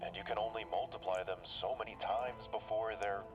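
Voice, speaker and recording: An actor playing a calm, cold-blooded male winemaker in a video game, explaining things in a measured, matter-of-fact way. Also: lowish voice, lightly acted. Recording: muffled game audio with music.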